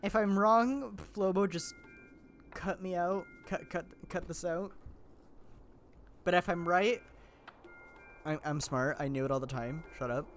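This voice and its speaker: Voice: medium pitch, unhurried, long pauses, faint music behind. A gameplay commentator chatting casually and playfully to viewers, rambling, giggling often and joking about themself.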